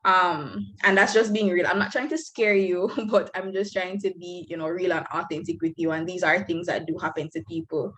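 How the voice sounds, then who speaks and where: A woman's voice: lowish voice, moderate pace, hardly any pauses, a bit bright, a little hiss or hum, rough recording. A young woman from Belize, giving frank, earnest advice to new students on a video call. She speaks candidly and laughs lightly now and then.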